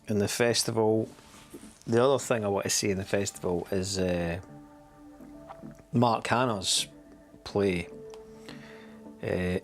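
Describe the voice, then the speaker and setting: A Scottish man hosting a casual livestream, rambling and swearing freely, with chuckles along the way. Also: lowish voice. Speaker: streamer host.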